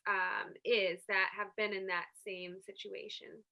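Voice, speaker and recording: A woman interviewing an author for a publisher, asking long, halting questions with frequent pauses and restarts. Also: mid-range voice, flat delivery, vocal fry, bright, forceful tone. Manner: halting, many fillers and restarts.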